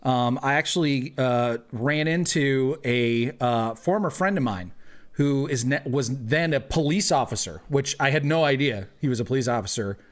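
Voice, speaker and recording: A young man telling a funny story to friends in casual chat, animated, laughing as he goes. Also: mid-range voice, normal speed. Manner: animated anecdote with laughing asides and acted quotes. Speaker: tabletop game player.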